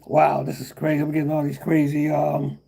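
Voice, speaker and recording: A man's voice: a little high, monotone, a little fast, creaky, dark tone, slightly rough. A middle-aged man hosting a casual livestream, rambling and repeating himself while answering chat comments. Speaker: livestream host.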